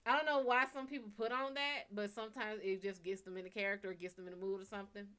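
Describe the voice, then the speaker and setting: A young woman with a Bayou accent, talking in a blunt, profane, animated way on a casual live stream. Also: fast, smooth. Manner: blunt, animated and profane, swinging from loud to low. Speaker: live stream reader and host.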